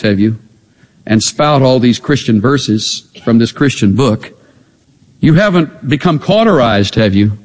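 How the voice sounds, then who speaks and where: A man preaching a sermon, animated and emphatic, pressing his listeners with pointed rhetorical questions. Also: mid-range voice. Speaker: pastor. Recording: echoey hall.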